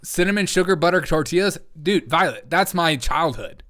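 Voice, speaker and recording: A man's voice: sits high, animated, fairly quick, few pauses, a bit bright. A man in his forties hosting a comedy commentary show, reacting to chat with jokey, sarcastic asides. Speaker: host.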